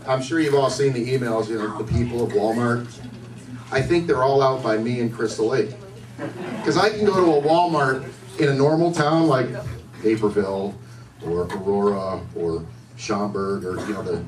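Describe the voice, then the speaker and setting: Rambling stand-up comedian, echoey bar room. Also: male voice, mid-range voice. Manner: loose, rambling conversational delivery, asks the crowd questions. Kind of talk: stand-up set. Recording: echoey room, distant mic, faint noise.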